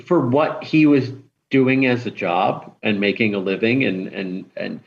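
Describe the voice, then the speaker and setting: A man's voice: fairly low pitch, a little slow, vocal fry, highs cut off. A middle-aged man who is a podcast guest, rambling through his memories with restarts and some swearing. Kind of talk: casual chat.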